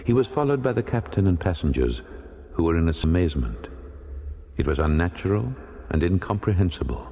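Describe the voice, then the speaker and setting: A man narrating a classic sea story in a measured, dramatic storytelling manner. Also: sits low, sing-song, dark tone. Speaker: audiobook narrator. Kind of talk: scripted narration of a classic novel. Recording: long hall reverb.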